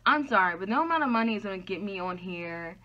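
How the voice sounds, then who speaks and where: A woman's voice: mid-range voice, lively intonation, fast talker. A woman talking frankly to camera in an opinion vlog, throwing out rhetorical questions and answering them herself. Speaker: YouTuber. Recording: dull lo-fi sound.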